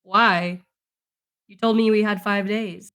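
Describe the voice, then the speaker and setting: A woman's voice: medium pitch, steady tone, a bit bright, clear, resonant tone. Chatty woman on a podcast. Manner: chatty, quick to laugh. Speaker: podcast co-host. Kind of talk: casual chat.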